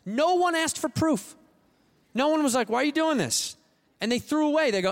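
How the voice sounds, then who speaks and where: A man's voice: very high voice, animated, a little fast. A man in his late thirties doing a profane, mock-outraged stand-up rant in a live venue. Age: late 30s. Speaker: stand-up comedian. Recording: noisy live room ambience.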